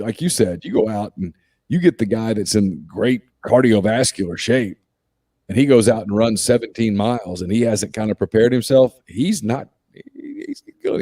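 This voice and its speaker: Mellow low-voiced man hosting. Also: no echo. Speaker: podcast host. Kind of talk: casual podcast talk.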